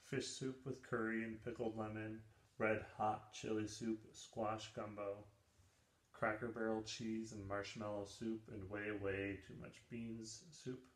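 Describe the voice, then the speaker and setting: A man reading a children's picture book aloud in an expressive, lively storytelling manner. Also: lowish voice, unhurried. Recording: roomy echo.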